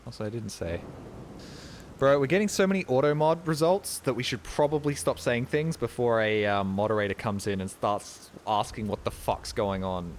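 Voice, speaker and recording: Young Australian male streamer, casual rambling chat, mid pitch. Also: normal speed, slight background noise. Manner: rambling, joking, chatting to viewers. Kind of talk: casual chat while gaming.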